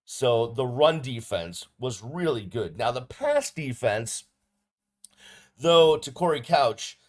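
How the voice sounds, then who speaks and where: In a solo sports recap video, a middle-aged podcast host walks through a game at a slow pace. His medium-pitched voice is casual and relaxed, sprinkled with frequent ums and uhs.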